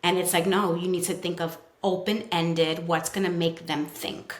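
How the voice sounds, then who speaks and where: New york woman, lowish voice, chatty and filler-heavy, echoey room. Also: level tone, moderate pace. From Brooklyn. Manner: chatty, many fillers, acts out kids' quotes. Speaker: child psychotherapist guest. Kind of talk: casual podcast interview. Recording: roomy echo.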